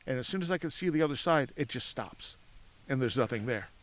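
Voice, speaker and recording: A man telling a story as a podcast guest outdoors at a cemetery, animated, acting out voices in his anecdotes and laughing often. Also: medium pitch, brisk. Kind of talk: casual storytelling.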